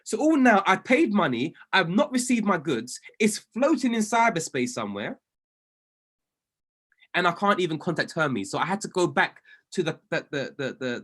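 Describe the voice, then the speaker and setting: A man, coaching a group on trading in an animated, preacher-like way with lots of emphasis and repetition. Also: high-pitched. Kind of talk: motivational talk to a group.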